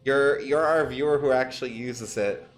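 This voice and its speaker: A man's voice: mid-range voice, fairly even intonation, moderate pace. A man hosting a live stream, chatting casually and teasing his co-host with jokes and frequent laughs. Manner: teasing, joking, laughs often.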